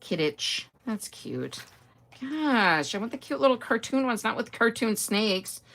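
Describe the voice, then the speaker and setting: An older woman hosts a relaxed live stream, chatting freely, greeting viewers by name and replying to their comments. Her voice is fairly high, bright and expressive, and she takes her time.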